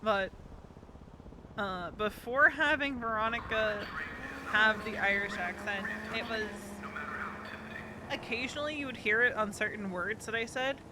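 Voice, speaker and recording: A woman's voice: fairly high pitch, a little slow, pauses often. A woman from New Jersey streaming a game, chatting casually and rambling with frequent ums. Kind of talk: casual gaming chat. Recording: game sounds and vehicle noise behind. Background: game ambience and vehicle sounds.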